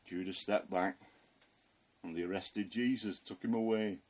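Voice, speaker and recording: A man's voice: sits low, fairly even intonation, unhurried, darkish tone. A man playing the apostle Peter, retelling the story in a chatty, folksy voice full of fillers. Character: the apostle Peter, plain-spoken working fisherman. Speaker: Christian ministry performer. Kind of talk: first-person storytelling monologue.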